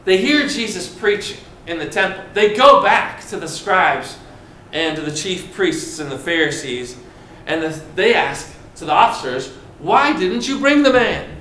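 A man's voice: on the high side, expressive, a little slow, sharp tone, a little hiss or hum. A man preaching a sermon, asking the congregation questions and building with dramatic emphasis. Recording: echoey room with faint ambience.

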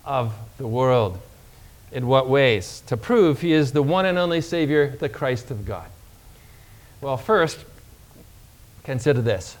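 A man preaching a sermon, reading scripture aloud with emphasis, slowing down on key words and asking the congregation questions. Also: fairly high pitch.

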